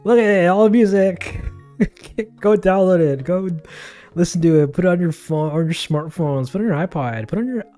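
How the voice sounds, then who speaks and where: A man's voice: on the high side, expressive, moderate pace, warm tone, faint music behind. A man chatting casually on a livestream to his viewers, rambling, giggling and poking fun at himself as he answers comments. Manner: rambling, giggly, self-deprecating.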